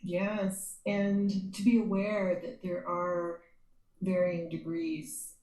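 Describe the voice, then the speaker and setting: Slow-talking woman host, echoey room. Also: fairly low pitch, completely flat delivery, mellow. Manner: measured and affirming, asks for agreement. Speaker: podcast host. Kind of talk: conversational interview.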